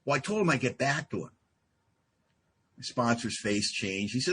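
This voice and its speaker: Husky gravelly-voiced guy at a meeting mic, cracking dry jokes about himself. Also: mid-range voice, very animated, normal speed, a bit bright. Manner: self-deprecating, wry, acts out quoted exchanges. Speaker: AA meeting speaker. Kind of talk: humorous personal storytelling speech. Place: live group meeting.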